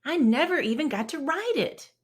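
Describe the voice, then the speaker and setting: A woman voicing an upset young boy bear cub who whines and shouts. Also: high-pitched, animated, normal speed, voice pushed up. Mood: shouting. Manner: whiny and shouting.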